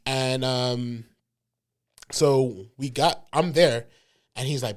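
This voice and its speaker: A man's voice: medium pitch, slow pace. A man on a podcast telling a wedding story in casual, slangy chat, laughing and acting out quotes. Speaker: podcast co-host.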